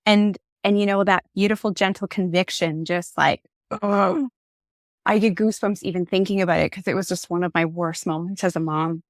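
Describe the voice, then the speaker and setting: A middle-aged woman, a podcast guest, telling personal stories in an animated, candid conversational way. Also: mid-range voice, moderate pace, no echo, studio quality. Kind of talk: conversational storytelling.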